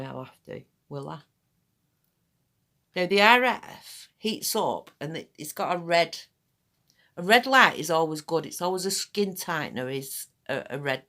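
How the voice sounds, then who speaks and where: A woman's voice: deep voice, pushed and bright. A middle-aged woman chatting casually in a rambling, blunt way while demonstrating a treatment. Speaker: aesthetics practitioner.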